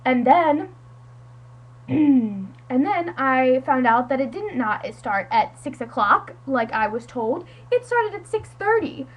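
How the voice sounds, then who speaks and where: A woman's voice: high voice, rough recording. A teenage girl from the United States telling a friend a story in a casual, dramatic, self-mocking way, full of "like". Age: teens. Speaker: vlogger.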